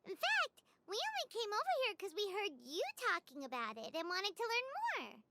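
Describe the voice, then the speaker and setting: Paimon, a high childlike fairy. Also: female voice, huge pitch swings, very noisy, exaggerated voice. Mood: curious. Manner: bright, childlike, quick to blurt things out. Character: small floating female fairy companion, chatty.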